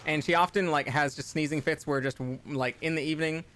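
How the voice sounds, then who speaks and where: A man's voice: a little high, steady tone, a little fast, a bit bright, slight background noise. A man chatting casually and laughing while playing a co-op game on stream. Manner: chatty, laughs easily, thinks aloud. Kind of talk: casual gaming chat.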